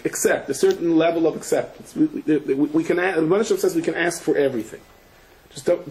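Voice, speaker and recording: A man, a rabbi, giving a Torah lecture full of stories and Hebrew and Yiddish terms. He tells them with animation and breaks into shouts at the punchlines. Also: on the high side, rough recording. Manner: sprinkles Yiddish and Hebrew terms, frequent restarts.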